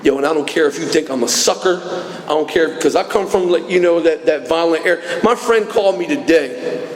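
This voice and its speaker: A man's voice: on the high side, a little fast. A man in his forties giving an earnest, emotional personal testimony at a recovery meeting, recorded in a large hall. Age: 40s. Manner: earnest, emotional, rising to fervent. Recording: echoey hall recording from a distance.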